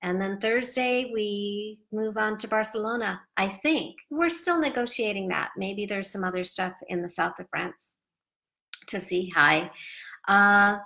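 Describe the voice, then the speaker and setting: Woman travel vlogger, tired and sleepy, bright tone, rambling with lots of fillers. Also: mid-range voice, a little slow, gravelly. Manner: chatty, rambling, with many fillers. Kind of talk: casual travel vlog.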